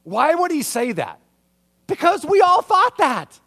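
A male pastor delivering a sermon in a conversational, animated way, often asking listeners rhetorical questions. His voice sits high and swings widely in pitch as he acts out reactions. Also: a little slow. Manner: conversational, full of rhetorical questions and tag "right?".

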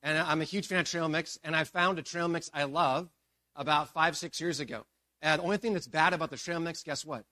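A man's voice: fairly high pitch, brisk, bright, forceful tone, dry recording. A man in his forties preaching a sermon as pastor, reading scripture and then retelling it in a casual, storytelling way with asides to the congregation. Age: 40s.

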